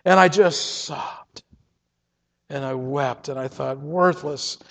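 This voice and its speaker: A man telling his own story in the first person, earnest and emotional, often halting and repeating words. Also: mid-range voice, gravelly. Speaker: storyteller giving a testimony. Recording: reverberant, dull lo-fi sound.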